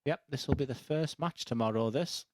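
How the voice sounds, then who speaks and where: A man commentating live darts, jokey and quick to get excited. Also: medium pitch, dry recording, studio quality.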